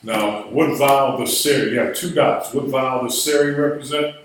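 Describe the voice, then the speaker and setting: A man's voice: medium pitch, fairly even intonation, normal speed. A man teaching a Hebrew class, patiently spelling words out letter by letter. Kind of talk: classroom lesson. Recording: echoey room from far off.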